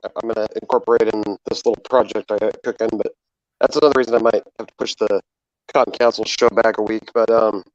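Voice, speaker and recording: A man calling in from his phone while out, talking about puppets in an unhurried way with plenty of fillers. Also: fairly low pitch, level tone, no room sound. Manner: unhurried, explains things with fillers. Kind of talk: casual chat. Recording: dull, robotic phone mic.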